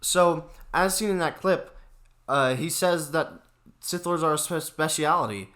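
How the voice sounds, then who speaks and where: A man's voice: on the high side, unhurried, a bit bright. A young man hosting a casual movie review chat, rambling and packing his talk with fillers. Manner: rambling, heavy use of "like" and fillers. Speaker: channel host.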